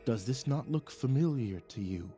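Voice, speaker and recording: A man's voice: medium pitch, animated, normal speed, warm tone, soft background music, lightly acted. A man voicing a flustered spirit guide. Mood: earnest. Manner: hesitant, fumbling.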